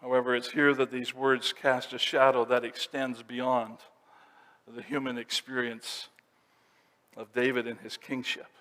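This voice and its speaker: A male pastor of middle pitch preaching a sermon and working through scripture verse by verse. He explains each passage in a steady teaching manner. His voice carries a long reverb from a church sanctuary. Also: unhurried.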